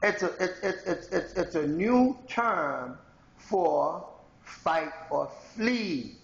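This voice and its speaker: Male vlogger from Haiti, slightly high and gravelly, confrontational rambling rant, dull lo-fi sound. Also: expressive, slow pace, echoey room. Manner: rambling, confrontational, addresses viewers directly. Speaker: video blogger. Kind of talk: ranting monologue to camera.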